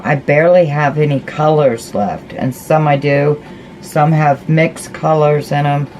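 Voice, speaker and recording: A woman with a low voice talks slowly and folksily as she works on a craft project. She chats to her viewers and to herself between tasks. Faint room noise sits under her voice. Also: darkish tone, poor audio. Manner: chatty, folksy, talks to herself while painting. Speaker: crafting vlogger. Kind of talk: casual craft tutorial chat.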